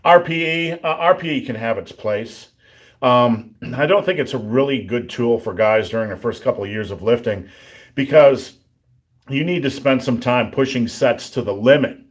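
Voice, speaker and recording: A man's voice: medium pitch, moderate pace. Blunt male lifting coach with sore throat. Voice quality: throat-clearing, a bit rough. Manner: blunt, joking, plainspoken coaching. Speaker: livestream host answering viewer questions. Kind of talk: casual live Q&A on strength training.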